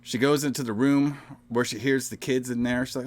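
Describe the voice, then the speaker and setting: A man's voice: mid-range voice, fairly even intonation, a little fast, a little mellow. A man co-hosting a casual horror movie podcast, talking loosely and profanely, full of "bro" and "all right?". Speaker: podcast co-host.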